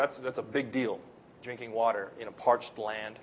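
A man's voice: medium pitch, steady tone, normal speed, husky. A man from the Philippines, preaching a sermon in an earnest, conversational way. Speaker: pastor.

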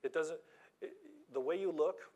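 A man voicing a worn old stuffed toy horse that speaks wisely and gently, in a calm, unhurried, reassuring way. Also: fairly high pitch, pitched above the performer's own voice, close to an everyday voice. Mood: gentle.

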